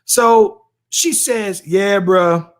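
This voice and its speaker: A man in his late thirties, co-hosting a podcast and telling a story in an animated, slangy way, often tossing in "bro" and "right?". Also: high-pitched, extremely slow. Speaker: podcast co-host. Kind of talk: casual storytelling chat.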